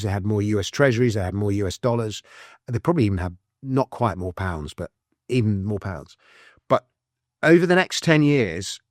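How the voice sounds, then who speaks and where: A man, speaking as a guest author in a casual interview, chatty and explaining with quick restarts and asides. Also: on the low side, no room sound, clean studio sound. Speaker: author and financial commentator, guest.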